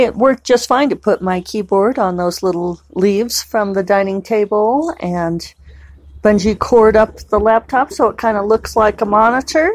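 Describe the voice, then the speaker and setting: In a casual vlog chat at home, a woman novelist rambles and digresses, leaning on plenty of fillers. Her voice is fairly low in pitch and a little mellow.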